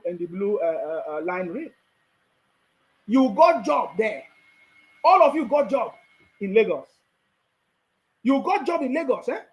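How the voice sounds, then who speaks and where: Nigerian male political vlogger with a high voice who fires off taunting rhetorical questions. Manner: mocking, rhetorical questions, frequent laughter. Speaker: political commentator. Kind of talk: political commentary vlog.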